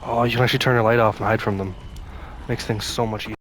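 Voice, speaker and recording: His voice sits on the low side but sounds fairly bright, quick and steady, with a touch of hiss. As a gaming YouTuber doing relaxed let's-play commentary, he wanders in thought, talks to himself, and occasionally blurts out in fear.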